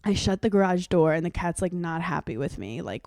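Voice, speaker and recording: A woman's voice: on the low side, quick pace, few pauses, no echo. Young woman, podcast co-host, casual storytelling, dry close mic. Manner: animated storyteller, acts out voices.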